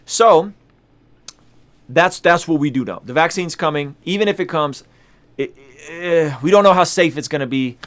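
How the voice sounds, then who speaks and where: A man's voice: a little high, animated, normal speed, fairly bright tone. Emphatic man chatting straight to viewers. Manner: emphatic, repeats lines for effect; addresses viewers directly, conversational slang. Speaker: YouTube host. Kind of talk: casual vlog commentary.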